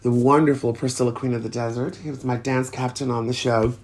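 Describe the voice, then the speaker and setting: A man's voice: medium pitch, level tone, fairly quick. A man hosting a theatre show, camp and effusive, calling listeners honey and darling, laughing often, in pain from an injured arm. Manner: laughs often mid-sentence. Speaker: host.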